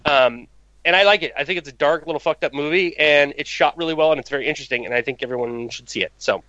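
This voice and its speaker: A man's voice: on the high side, fast talker, bright, forceful tone, dry recording, dull audio. A man hosting a casual film podcast, joking and swearing offhandedly as he steers the talk. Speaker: podcast host.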